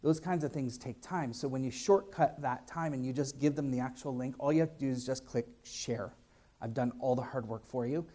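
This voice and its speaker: A man's voice: medium pitch, brisk, dark tone. A man giving a casual conference presentation and answering audience questions, with many fillers and restarts. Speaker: conference speaker. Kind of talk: live presentation and Q&A.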